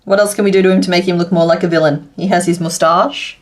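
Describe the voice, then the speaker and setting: A woman's voice: fairly low pitch, fairly even intonation, fast. Chatty woman hosting a crochet stream. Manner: chatty, answers chat and makes puns while working. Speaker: crochet livestream host. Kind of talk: casual livestream chat while crocheting.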